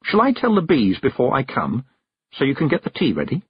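A man's voice: medium pitch, wildly swooping pitch, a little fast, lo-fi sound, slight background noise, pitched above the performer's own voice. A man voicing an eager, earnest young girl witch, in a storybook reading.

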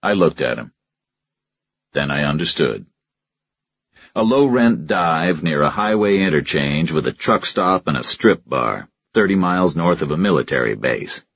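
A man narrating a first-person crime story in a measured, deadpan way. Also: rumbling low, husky, dry recording, dull audio. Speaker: audiobook narrator.

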